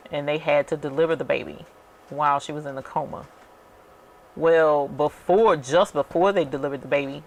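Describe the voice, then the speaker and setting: Low-voiced with vocal fry, a woman hosting a crafting channel chats through a story as she works. She's casual and talkative, addresses viewers as y'all and fills her speech with fillers.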